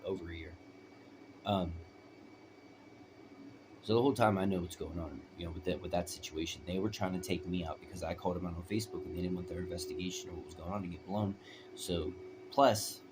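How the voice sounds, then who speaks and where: Deep-voiced man telling a hard story. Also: background noise. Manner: rambling, emphatic, keeps asking "right?". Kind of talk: personal storytelling.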